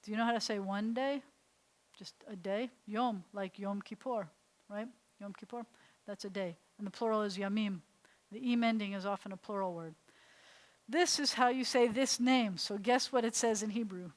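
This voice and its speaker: An American woman, a rabbi, teaching a beginners' Hebrew class in a lively, chatty way. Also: medium pitch, moderate pace, poor audio. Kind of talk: classroom lesson. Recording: faint hiss.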